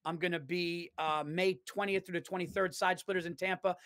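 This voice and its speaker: A stand-up comedian chats on a podcast, his voice sitting fairly high. The sound is dry and close, with no room around it. He tells stories with energy, acting out the lines of the people in them. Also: fairly quick, no echo. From New York. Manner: animated storyteller, swears freely, acts out quotes. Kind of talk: casual podcast chat.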